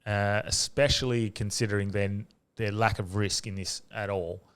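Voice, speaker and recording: Australian man, podcast host, lowish voice, halting casual talk, many restarts. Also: fairly even intonation, clean tone. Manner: halting, full of fillers and restarts, laughs often. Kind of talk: casual chat.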